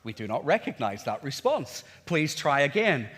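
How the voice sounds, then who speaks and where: A stiff, formal automated phone menu recites its lines in a flat, mechanical way, as a preacher puts it on. It sits at a middling pitch, and the sound rings with a long hall reverb. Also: male voice, normal speed.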